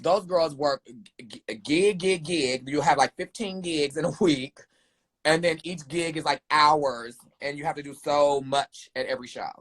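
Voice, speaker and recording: A young man, a drag performer guest in a casual live chat, animated and sassy, calling people "girl" and "honey". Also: on the high side, a little slow.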